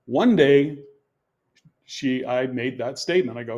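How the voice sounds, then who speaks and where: A man in his sixties appears as a guest in a conversational podcast interview, earnestly and emphatically telling stories to explain his coaching. His mid-range voice is a little mellow at normal speed, and the recording is muffled.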